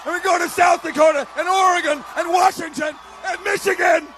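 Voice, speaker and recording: Man shouting over a roaring crowd. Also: extremely high pitch, fairly even intonation, brisk, heavy background noise. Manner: yelling a list of states to a cheering crowd. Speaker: politician at a rally. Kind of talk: shouted rally speech. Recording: archival rally clip with loud crowd. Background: loud cheering crowd.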